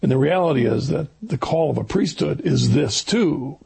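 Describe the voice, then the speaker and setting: A man's voice: fairly high pitch, expressive, normal speed, vocal fry, mellow. A man hosting an interview who explains points at length and repeats phrases for emphasis. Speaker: interview host. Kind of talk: conversational interview.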